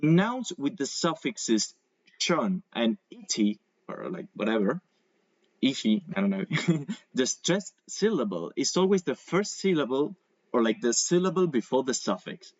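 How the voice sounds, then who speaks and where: A man whose first language is Spanish teaches English over a video call. He explains patiently with examples and drawn-out pronunciation. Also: mid-range voice, big pitch swings, no echo, dull audio. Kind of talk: online English lesson.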